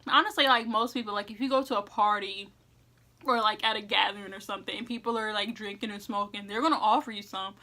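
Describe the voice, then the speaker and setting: A woman's voice: mid-range voice, steady tone, quick pace, sharp tone. A young woman giving casual advice in a vlog, chatty and full of fillers, eating as she talks. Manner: chatty, heavy use of "like" and "you know what I'm saying"; eating while talking. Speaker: vlogger giving school advice.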